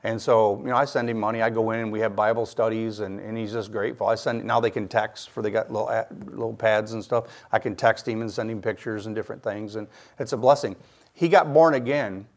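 A middle-aged man from Michigan giving his personal faith testimony, telling it earnestly and acting out the voices of people he quotes. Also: lowish voice.

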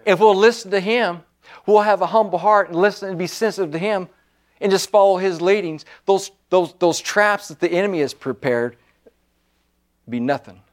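A man preaching a sermon with fervent, repetitive exhortation, swinging between loud declarations and low, quiet asides. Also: moderate pace.

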